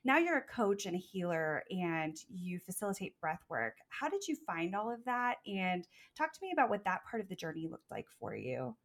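A woman's voice: on the low side, sing-song, normal speed, hardly any pauses. Woman hosting a podcast interview. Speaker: podcast host.

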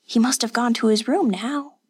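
A woman voicing a nervous, polite male village innkeeper who talks in hushed, anxious tones in an audiobook. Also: fairly high pitch, moderate pace, husky, voice pushed up. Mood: nervous whisper. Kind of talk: audiobook narration.

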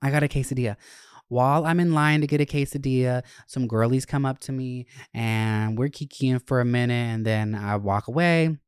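A young adult podcast host telling stories in a casual, animated, profane way. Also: medium pitch, moderate pace, smooth, no echo, studio quality. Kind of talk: casual chat.

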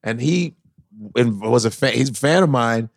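A man chatting on a podcast as a comedian guest, an animated storyteller who slips into voices. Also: mid-range voice, moderate pace, creaky, dry recording, clean studio sound. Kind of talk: casual podcast chat.

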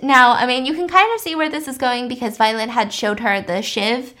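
A young adult woman casually retelling a film plot, talking quickly with lots of fillers and animated quoted lines. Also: on the high side. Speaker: podcast host recapping a film. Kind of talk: casual storytelling chat.

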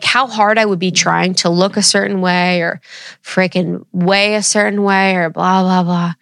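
A woman's voice: on the low side, fairly bright tone, no echo, studio quality. A woman in her thirties chatting candidly with her viewers, casual and swearing freely. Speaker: vlogger.

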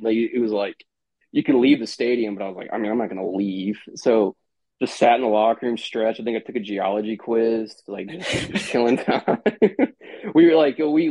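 A man's voice: medium pitch, dry recording. A man, a former college ballplayer telling stories casually and acting out quotes. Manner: animated, rambling, acts out quoted exchanges. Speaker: former college baseball player, guest. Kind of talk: casual podcast storytelling. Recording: dull lo-fi sound, dry.

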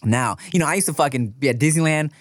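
A man, telling stories with lots of swearing and jumping up into high voices when he quotes people. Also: quick pace, no echo, clean studio sound. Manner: animated storyteller, swears freely, jumps to high voices when quoting people. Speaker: podcast co-host. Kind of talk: casual food podcast chat.

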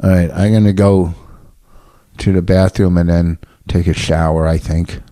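Man, deep-ish voice, comedian hosting a podcast, rambling low-key chat. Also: fairly even intonation, normal speed, dark tone. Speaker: stand-up comedian and podcast host. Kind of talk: casual chat.

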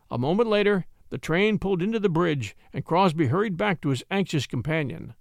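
A man reading an old-time adventure story aloud in an expressive, dramatic way. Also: fairly high pitch, fairly quick, vocal fry, few pauses, no echo, clean studio sound. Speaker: audiobook reader.

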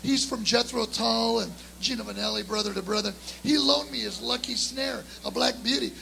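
A middle-aged man and drummer telling an animated story to a live audience, acting out the voices of the people in it. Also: extremely high pitch, normal speed, vocal fry, a little hiss or hum, poor audio. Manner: lively, acts out the voices in his story. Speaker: guest drummer.

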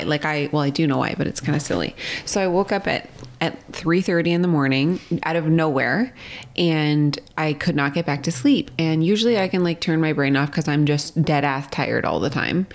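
A woman's voice: low voice, normal speed. A woman co-hosting a podcast, talking candidly and casually, swearing freely and poking fun at herself. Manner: chatty, candid and self-deprecating, swears casually. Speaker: podcast co-host. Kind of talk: casual chat.

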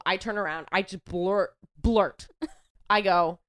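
A woman chatting casually on a podcast, telling a story with lively acted-out quotes and frequent laughter. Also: mid-range voice, measured pace. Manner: animated storyteller, acts out quotes, laughs often.

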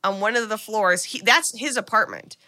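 Podcast co-host, woman, bright tone, lively storytelling, voices the characters. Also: mid-range voice, moderate pace. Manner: animated, acts out characters' lines. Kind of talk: casual movie recap.

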